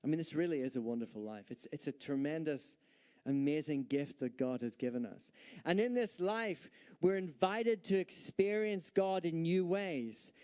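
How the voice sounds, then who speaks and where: A man's voice: fairly high pitch, moderate pace, dark tone, clean tone. A man preaching a sermon as pastor, emphatic, asking the congregation rhetorical questions and acting out their doubts. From Northern Ireland.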